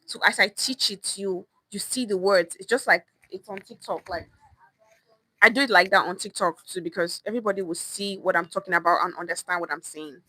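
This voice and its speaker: A woman's voice: medium pitch, fairly quick, pushed and bright, dry recording, low-quality recording. A Nigerian woman giving a casual livestream lesson on pidgin, speaking emphatically and often repeating her phrases. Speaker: online language teacher. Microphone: phone or webcam on a live stream.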